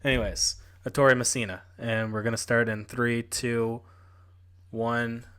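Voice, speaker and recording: A man's voice: mid-range voice, flat delivery, fairly bright tone, clear, resonant tone. A man co-hosting a casual sports podcast, joking around and laughing often with his co-host. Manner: playful, laughs often, quick asides.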